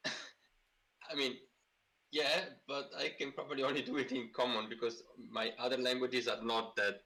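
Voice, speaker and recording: Man, tabletop player, bright tone, hesitant, stammers. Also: medium pitch, flat delivery, slow, pauses often, poor audio. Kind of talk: casual chat during a tabletop game.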